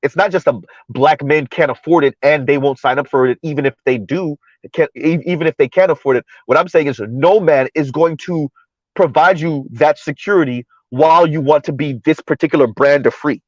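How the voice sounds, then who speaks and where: A man's voice: on the high side, a little fast, no room sound. A man hosting a casual livestream, talking through social topics and reading chat messages aloud, repeating words as he goes. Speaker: livestream host. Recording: dull lo-fi livestream audio.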